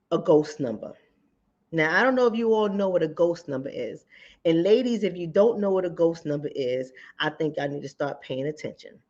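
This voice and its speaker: A woman hosting a channel, telling a personal story in animated, direct talk to ladies and fellas. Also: on the low side. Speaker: relationship coach and channel host. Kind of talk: casual talk-to-camera commentary. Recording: dull lo-fi sound.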